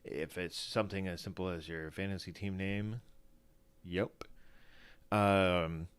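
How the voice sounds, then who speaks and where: A fantasy football streamer hosts a casual solo livestream in his morning voice, rambling and poking fun at himself with plenty of fillers and restarts. His voice is low and clean, with fairly even intonation and a slow pace.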